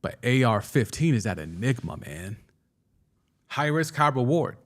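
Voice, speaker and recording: A young man hosting a casual sports talk show, excitedly giving his takes and answering viewer comments, often restarting and stumbling over his words. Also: mid-range voice, unhurried. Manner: excitable, with frequent restarts and stammers. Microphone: studio microphone.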